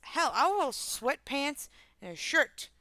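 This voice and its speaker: A young woman streamer from the northern United States reads online stories aloud, adding casual commentary full of swearing and laughing asides. Her high voice is sing-song, pushed and bright, at a measured pace, with no room sound.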